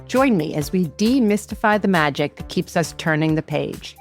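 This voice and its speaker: A woman's voice: on the low side, lively intonation, moderate pace, soft background music. A woman hosting a book podcast, reading a scripted introduction and asking questions with enthusiasm. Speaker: podcast host.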